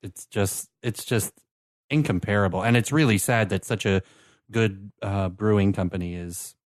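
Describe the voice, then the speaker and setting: A man co-hosting a podcast, talking in a halting, laid-back way with many fillers. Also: fairly low pitch, dry recording, studio quality. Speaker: podcast co-host. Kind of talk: casual chat over beer tasting.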